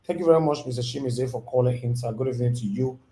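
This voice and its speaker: A man's voice: mid-range voice, quick pace, dark tone. Joking Nigerian man hosting a call-in. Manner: jokey, teasing, slips between formal and street speech. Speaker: host of a live-stream call-in show. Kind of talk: casual live-stream talk.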